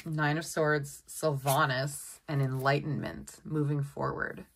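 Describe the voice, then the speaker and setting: A woman giving a casual tarot deck walkthrough, chatty and excitable, often exclaiming over the cards. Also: deep voice, takes it slowly, creaky. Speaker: tarot content creator.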